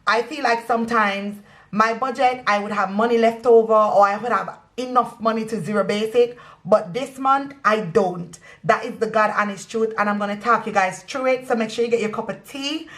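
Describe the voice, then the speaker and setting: A woman's voice: fairly high pitch, moderate pace, a bit bright. A young woman with a Caribbean accent, chatting casually to camera about her budget, sassy and playful, slipping into patois. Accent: Caribbean, West Indian patois in places. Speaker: budgeting vlogger.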